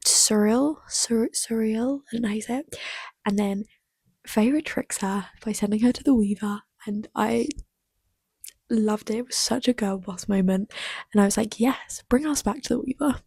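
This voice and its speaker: Breathy young woman gushing about books. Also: mid-range voice, mellow, no echo. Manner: chatty, gushing, often half-whispered. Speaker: book vlogger. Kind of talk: casual chat.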